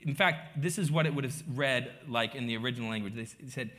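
With a mid-range voice, the middle-aged pastor preaches quickly and with few pauses. He tells the story using rhetorical questions and alternates between quiet asides and loud emphasis.

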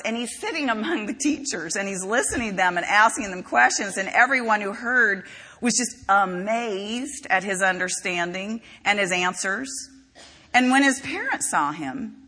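A woman's voice: mid-range voice, bright, forceful tone, husky. A woman preaching a sermon in a conversational, storytelling way with frequent asides, recorded in a large hall. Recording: reverberant hall.

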